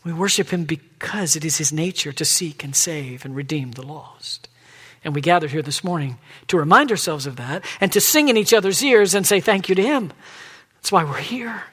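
A man with a high voice preaching a sermon. He drops to hushed whispers, then rises to loud, emphatic pleading, and acts out God and the people in quoted lines. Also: moderate pace, slightly rough. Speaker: pastor.

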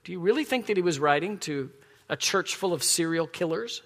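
A middle-aged man preaching a sermon in a church, earnest and emphatic, dropping to soft asides. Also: high-pitched, animated, brisk, long reverb tail. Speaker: pastor. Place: church sanctuary.

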